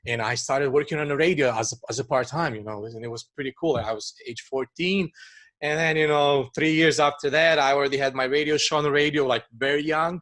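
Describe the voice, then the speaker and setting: Man, casual interview guest, halting delivery, lots of "you know". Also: medium pitch, a bit bright. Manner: halting, repeats words, many "you know" fillers. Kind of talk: casual chat.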